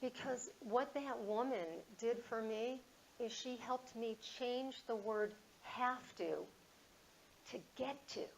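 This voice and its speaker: A motivational speaker in her fifties tells a personal story to an audience, with a gravelly, fry-laden voice that sits a little high. She is conversational and animated, and slips into the voices of the people in her story. A faint hiss runs underneath. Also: slow, dull audio. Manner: conversational, animated, acts out dialogue.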